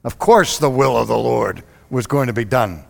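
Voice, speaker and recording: A man preaching a sermon in an animated way, firing rhetorical questions at his congregation. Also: medium pitch, moderate pace, creaky, long reverb tail.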